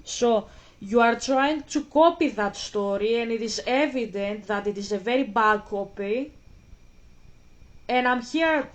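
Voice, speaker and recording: A woman's voice: on the high side, rough recording. A woman hosting a reaction video, rambling and exasperated as she stumbles over her words. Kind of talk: casual reaction commentary.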